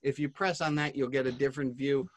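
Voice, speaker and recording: A man's voice: medium pitch, steady tone, quick pace. A man hosting an online class, calling on each guest by name in a friendly, casual way over a video call. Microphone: computer mic on a video call.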